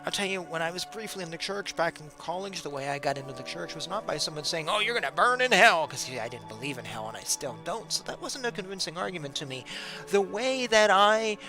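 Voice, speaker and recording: A middle-aged man talks casually and directly to his viewers, pitching rhetorical questions and chuckling now and then. His voice sits a little high for a man. Music runs steadily underneath. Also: lively intonation, brisk, pushed and bright. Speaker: political commentary host. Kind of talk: casual direct-to-camera monologue.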